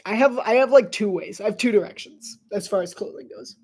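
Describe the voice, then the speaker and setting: A woman's voice: medium pitch, a little fast, darkish tone, slightly rough. Congested, chatty woman doing game commentary. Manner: chatty, rambling, laughs often. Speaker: sports commentator. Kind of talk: casual live game commentary.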